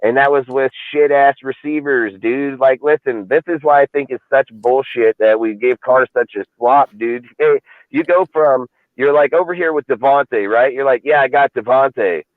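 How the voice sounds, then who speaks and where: A man's voice: medium pitch, moderate pace, no echo. Sports podcast host, male, profane and fired up, dry phone-quality audio. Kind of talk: casual sports talk.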